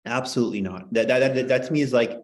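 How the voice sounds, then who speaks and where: A man's voice: mid-range voice, quick pace, low-quality recording. Rambling, joking male teacher. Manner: rambling, joking, heavy on fillers. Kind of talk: casual classroom lecture.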